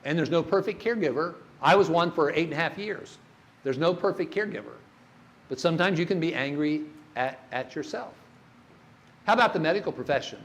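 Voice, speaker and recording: A man's voice: on the high side, lively intonation, a little fast. Folksy grief-workshop speaker, older man. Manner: folksy storytelling, asks the audience questions. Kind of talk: church workshop talk.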